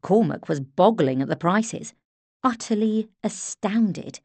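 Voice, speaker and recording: A woman's voice: mid-range voice, animated, a little slow, darkish tone, dry recording. Woman narrating an audiobook, dry close sound. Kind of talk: scripted narration.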